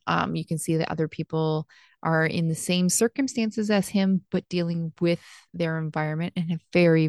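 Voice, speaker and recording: A woman's voice: lowish voice, dry recording, studio quality. A young adult woman hosting a casual solo podcast, reflective and chatty, with plenty of fillers and restarts. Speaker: podcast host and life coach.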